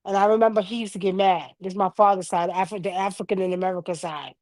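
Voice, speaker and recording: A woman's voice: medium pitch, fairly even intonation, fast talker, a little mellow, dry recording. A woman in her fifties hosting a livestream, teaching spiritual ideas in a casual, earnest, preachy way and speaking straight to her viewers. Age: 50s. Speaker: livestream host.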